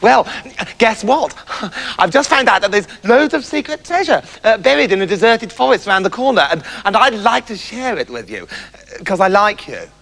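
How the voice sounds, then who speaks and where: A man's voice: sits high, sing-song, moderate pace, creaky, a bit bright, long reverb tail, full character voice. A man voicing a greedy, scheming brother who stammers and wheedles. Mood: wheedling.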